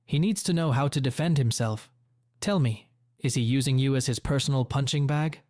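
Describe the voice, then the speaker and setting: Man reading as a blunt middle-aged father, confrontational, mid-pitched, dry. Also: moderate pace, a little mellow, no echo, close to an everyday voice. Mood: angry.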